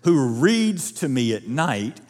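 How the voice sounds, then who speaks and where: A man's voice: medium pitch, sing-song, slow pace, darkish tone, in a large hall. A male preacher voicing a sleepless ancient king who gives urgent orders to his servants. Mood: commanding. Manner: urgent, commanding. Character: restless ancient king, man, commanding.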